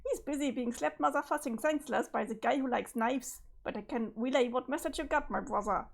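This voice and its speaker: Casting: a woman reading as a mellow young troll clown who swears casually, voice a bit high. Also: fairly quick, gravelly. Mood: laid-back. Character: laid-back young male troll clown, drawling.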